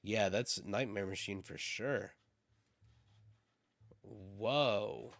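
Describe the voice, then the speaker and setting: A man casually commenting on a game he is playing, joking with viewers, swearing and breaking out loud at times. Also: fairly low pitch, extremely slow, creaky, a little hiss or hum. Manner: jokey, chats with viewers, swears, bursts out loud. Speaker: gameplay streamer. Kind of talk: casual let's-play commentary. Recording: loud game music behind. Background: game music.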